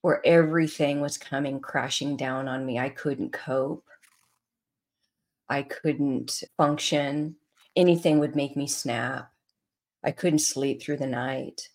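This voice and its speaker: Woman, middle-aged, low voice, earnest, emotional storytelling, interview guest. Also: steady tone, slow pace, a little mellow. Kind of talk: personal story in a podcast interview.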